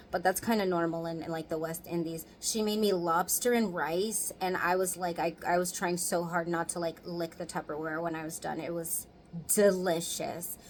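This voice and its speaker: A woman in her thirties chats to camera in a lowish voice, loose and candid, with curse words slipping in freely. A faint hum of room sound sits behind her. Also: low-quality recording. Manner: candid, chatty, swears freely, laughs often. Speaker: vlogger. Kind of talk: casual storytime chat.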